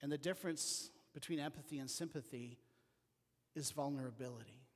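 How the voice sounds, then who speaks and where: A man preaching a sermon as pastor, telling personal stories in an earnest way that drops to a quiet voice. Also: medium pitch, fairly quick, in a large hall. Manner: earnest storytelling with quiet dips. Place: church sanctuary.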